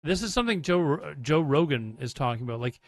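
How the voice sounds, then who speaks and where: A man's voice: on the high side, expressive, fairly quick. A man hosting a livestream, rambling casually and reading chat messages aloud and answering them. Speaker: livestream host. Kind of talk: casual live commentary.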